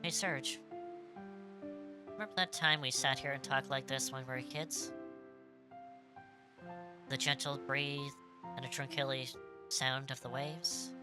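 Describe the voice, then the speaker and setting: A streamer voicing a stern but gentle young woman, reading her game lines softly and wistfully. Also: medium pitch, steady tone, measured pace, pauses often, music in the background, lightly acted.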